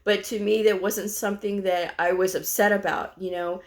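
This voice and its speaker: A woman's voice: mid-range voice, level tone, normal speed. A middle-aged woman from Texas who vlogs about medical coding, telling a personal story to camera in a chatty way, full of "you know" and small fillers. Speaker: medical coder vlogger.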